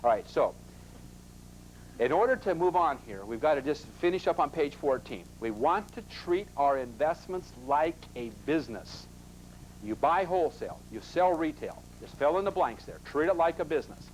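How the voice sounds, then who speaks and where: A man's voice: a little high, lively intonation, moderate pace, slight background noise, rough recording. Emphatic man lecturing a seminar crowd. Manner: emphatic, peppers the audience with rhetorical questions. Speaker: investment seminar instructor. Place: seminar classroom with an audience.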